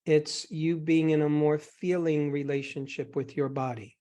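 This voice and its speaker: Gentle reassuring male coach, slightly high voice. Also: steady tone, a little slow. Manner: gentle, reassuring, guiding with examples. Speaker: host and eating psychology coach. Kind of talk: coaching session.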